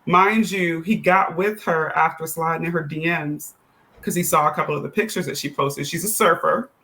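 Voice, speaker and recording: A woman's voice: low-pitched, moderate pace, sharp tone, low-quality recording. A woman co-hosting a casual podcast chat, chiming in with agreements and then retelling celebrity gossip. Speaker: podcast co-host.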